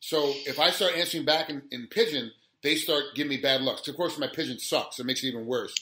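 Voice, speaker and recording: A man interviewing a guest in casual chat, talking fast and animated. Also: medium pitch. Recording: roomy echo with faint noise.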